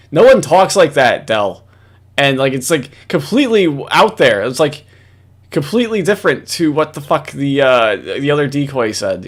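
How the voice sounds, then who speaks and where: A man giving casual, rambling reaction commentary at his computer, swearing often and breaking into laughs. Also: medium pitch.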